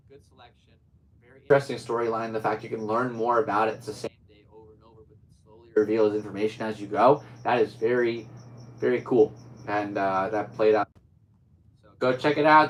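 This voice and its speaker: Recorded roughly, this podcast host speaks by himself in a medium-pitched voice, easygoing and rambling. He wraps up with cheerful, upbeat sign-offs.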